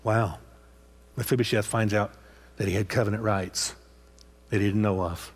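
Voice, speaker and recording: A husky-voiced man preaching with rising passion. He circles back over his own phrases and keeps checking in with his listeners by asking "huh?" after each point. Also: on the low side, fairly even intonation, moderate pace. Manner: impassioned, repeats phrases and prods listeners with "huh?". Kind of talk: sermon.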